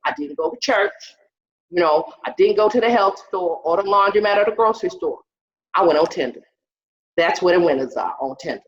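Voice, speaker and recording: A woman's voice: lowish voice, animated, fairly quick. Woman comic, raunchy storyteller, slightly muffled video call sound. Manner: bawdy, profane storytelling with acted-out quotes. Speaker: stand-up comedian. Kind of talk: stand-up comedy set over video call. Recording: roomy, dull video call audio.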